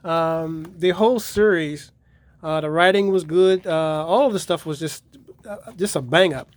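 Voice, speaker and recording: Brief: man, higher voice, rambling and profane, dry close mic. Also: measured pace, no echo. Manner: profane, rambling retelling of episodes. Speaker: collector reviewing his DVD collection. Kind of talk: casual video review.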